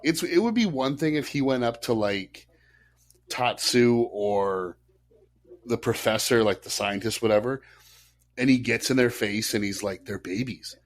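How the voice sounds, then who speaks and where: A man co-hosting a casual podcast chat, animated and laughing as he retells film scenes. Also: mid-range voice, measured pace. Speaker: podcast co-host.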